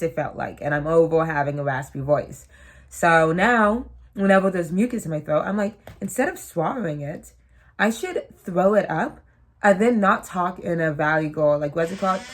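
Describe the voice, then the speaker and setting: On the low side and a bit bright, this woman's voice belongs to a twenty-something vlogger. Talking to the camera, she rambles chattily, mocks herself, and trails into side comments.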